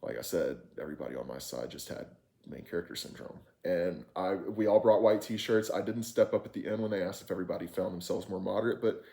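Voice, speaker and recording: A man's voice: low voice, fast, creaky, warm tone. A man telling a frustrated, candid story in a casual, rambling way, swearing freely and restarting his sentences often. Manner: rambling with frequent fillers and restarts. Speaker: vlogger recounting an experience.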